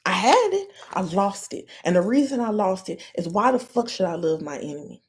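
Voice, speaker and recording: A woman's voice: medium pitch, big pitch swings, a little fast. An American woman hosting a podcast, delivering a heated, profane solo rant with blunt emphasis. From United States. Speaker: podcast host.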